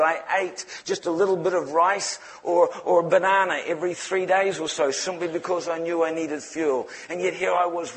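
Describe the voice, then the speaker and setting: A man tells his testimony from the pulpit with animated, humorous storytelling. His voice sits a little high for a man. He moves between quiet, slow stretches and lively bursts. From New Zealand. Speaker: preacher. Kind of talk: testimony sermon.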